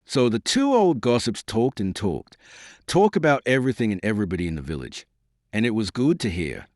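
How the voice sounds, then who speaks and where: A man narrates a historical novel in a reverent, measured storytelling manner. His voice sits low yet moves expressively, and the recording is close and dry. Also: big pitch swings, darkish tone, no echo. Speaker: audiobook narrator. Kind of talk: scripted narration.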